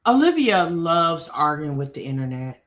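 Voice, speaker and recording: Woman commentary host, deep voice that swoops around a lot, chatty and incredulous with viewers. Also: big pitch swings, moderate pace. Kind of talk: reaction commentary.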